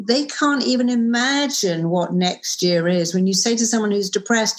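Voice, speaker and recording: A middle-aged woman talks as an interview guest, mid-pitched and lively. She stresses her points emphatically and tells stories with quick asides. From United Kingdom. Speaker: therapist and author, guest. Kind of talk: conversational interview.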